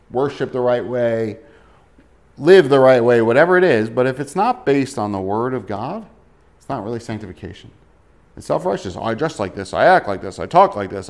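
Guy preaching, casual sermon voice, lots of rhetorical questions, gets loud then soft. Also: medium pitch. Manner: conversational preaching, rhetorical questions, dynamic emphasis. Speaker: pastor.

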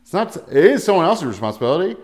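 A man's voice: fairly high pitch, very animated, fast, a little mellow. Man preaching a conversational sermon. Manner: conversational preaching, rhetorical questions, dynamic emphasis. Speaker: pastor.

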